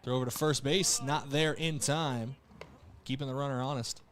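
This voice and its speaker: A young man calls a live baseball game play by play from a press box. He moves briskly from pitch to pitch and fixes his own slips without breaking stride. His voice sits in an ordinary middle register. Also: steady tone, slight background noise. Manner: brisk pitch-by-pitch calling with quick self-corrections. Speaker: play-by-play announcer. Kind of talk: live radio and TV baseball commentary. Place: press box behind a window.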